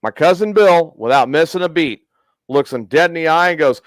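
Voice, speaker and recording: A man's voice: fairly high pitch, moderate pace, no room sound. A man hosting a casual podcast, telling a long profane story and acting out the quotes. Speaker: podcast host.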